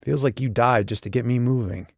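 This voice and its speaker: A man voicing a grieving, sharp-tongued young woman in an audiobook, with his voice raised and tearful. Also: a little fast, vocal fry, dry recording, clean studio sound. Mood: grieving, bitter. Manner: raised pitch, tearful and bitter.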